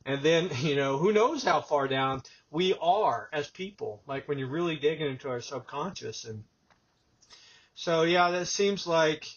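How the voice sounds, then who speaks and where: A man's voice: on the high side, measured pace. A man hosting a casual podcast conversation, telling stories and acting out what people said. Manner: animated storyteller, acts out quotes. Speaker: podcast host. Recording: dull lo-fi audio.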